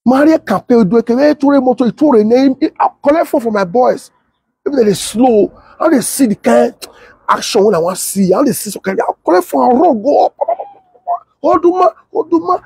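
Husky high-voiced Nigerian man in Pidgin. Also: moderate pace, no room sound, studio quality. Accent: Nigerian Pidgin English. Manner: animated, repeats himself, talks straight to viewers. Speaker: political commentator. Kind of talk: casual storytelling in Pidgin.

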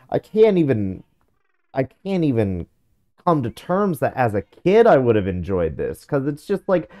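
A young man talks over a video game in a loose, unhurried way, reading on-screen text aloud and dropping blunt, grumbling verdicts. His voice is warm and mellow, and his pitch swings widely. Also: big pitch swings. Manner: reads in-game text aloud with offhand jokes. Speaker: gameplay commentator. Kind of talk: casual gameplay commentary.

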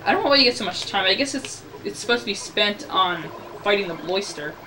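A man's voice: high voice, animated, brisk. Male let's-play commentator, chatty and ranty, with audible background noise in the recording. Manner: rambling, ranting about the game. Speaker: gameplay commentator.

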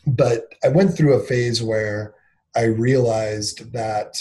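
Mellow-voiced man telling candid stories. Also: mid-range voice, steady tone. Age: 30s. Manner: reflective, filler-heavy, acts out dialogue in quick bursts. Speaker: company CEO, guest. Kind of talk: candid interview storytelling.

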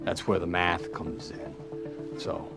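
An actor playing a lawyer briefing his team in a film, speaking calmly and drily. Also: low-pitched, slow, vocal fry, full character voice. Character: lawyer leading a compensation team, calm and dry. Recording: movie clip with music behind.

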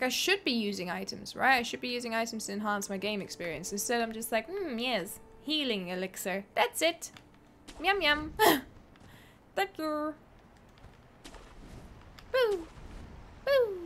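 A woman's voice: medium pitch, fairly bright tone, a little hiss or hum. A woman streaming a game, chatting playfully with viewers and swearing now and then, with an accent between British and American. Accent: mixed British and American. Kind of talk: casual gameplay commentary.

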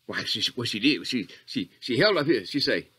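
A man plays an eccentric, rambling coach in a comedy monologue, his pitch lurching from squeaky highs to low mutters as he strays off topic. His tone remains bright and pushed, with a sing-song, slightly rough delivery at a moderate pace.

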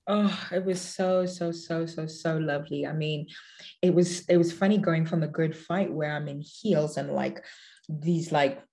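A woman's voice: sits low, steady tone, unhurried, vocal fry, dark tone. A woman with a South African accent, a guest in a casual interview, telling stories in an earnest, reflective way. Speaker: actress guest.

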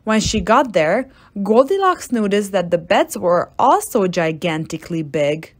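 A woman reading a children's story aloud, playful, with deadpan asides. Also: mid-range voice, a little slow, few pauses. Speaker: storybook reader.

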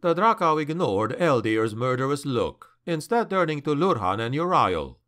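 A man narrating a dark fantasy audiobook in a slow, deliberate, dramatic manner. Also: mid-range voice, big pitch swings.

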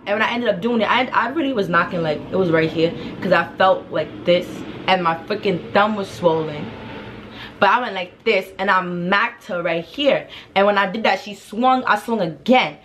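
A young woman telling a story in a casual, slangy, animated way, acting out what people said. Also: medium pitch, moderate pace, a little hiss or hum. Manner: animated, slangy, acts out the quotes. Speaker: vlogger.

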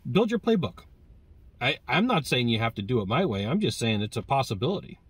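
A man teaching sales negotiation in a lively, conversational way, acting out bits of dialogue with customers. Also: mid-range voice, brisk, breathy edge, dry recording. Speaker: sales trainer. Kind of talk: direct-to-camera sales coaching.

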